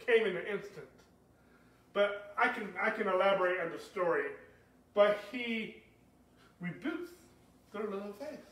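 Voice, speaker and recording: Male pastor preaching a sermon: high, bright voice, heard from a distance in an echoey room. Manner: animated preaching, rising to shouts, asks the congregation questions. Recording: echoey room, speaker far from mic.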